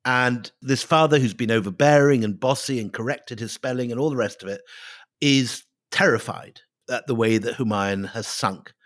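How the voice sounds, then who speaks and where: Male podcast co-host, middle-aged, mid-pitched voice, dramatic storyteller, dry close recording. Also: normal speed, fairly bright tone, no room sound. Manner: dramatic storyteller reading quotes aloud. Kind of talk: storytelling history podcast chat.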